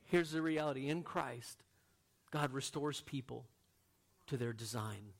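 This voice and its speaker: A man preaching a sermon as a pastor, earnest, moving from loud emphatic lines to quiet, hushed ones. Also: mid-range voice, measured pace.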